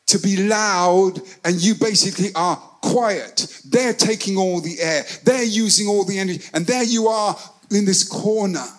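A man preaching with a high, ringing voice that climbs for emphasis and drops to a near whisper for quiet asides. He repeats key phrases and calls on the congregation to answer back. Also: normal speed, low-quality recording. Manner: animated preaching, swinging between loud calls and hushed asides; repeats phrases and leads call-and-response with the congregation. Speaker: pastor. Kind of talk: sermon.

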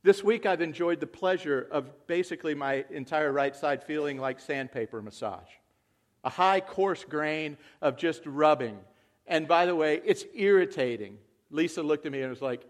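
A man preaching a sermon to his congregation in a conversational way, acting out quoted voices and swinging from hushed asides to loud emphasis. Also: fairly high pitch, sing-song, moderate pace. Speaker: pastor.

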